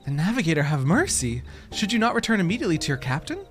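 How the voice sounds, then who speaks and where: A man doing a coy flattering young woman. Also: a little high, fast talker, faint music behind. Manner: sugary mock-admiring tone.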